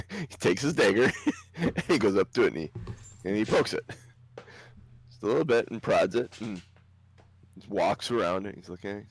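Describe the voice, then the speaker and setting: A man's voice: fairly low pitch, normal speed, pauses often. A man narrating a tabletop role-playing game as game master, casual and laughing often.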